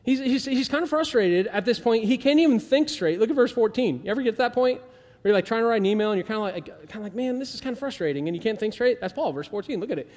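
Male pastor, conversational sermon delivery, higher-pitched voice, long reverb from a big sanctuary. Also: quick pace. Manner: conversational, animated, acts out quoted voices.

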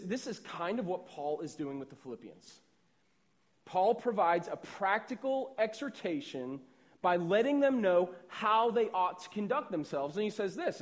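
A young adult man preaching a sermon as a pastor, in a conversational way that often checks in with "right?" and repeats words. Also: high-pitched.

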